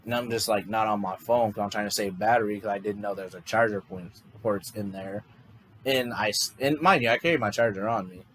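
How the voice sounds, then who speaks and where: A man's voice: lowish voice, fairly quick, a bit bright, a little hiss or hum, low-quality recording. A man casually improvising a story, rambling loosely with lots of fillers and restarts. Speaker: fan storyteller.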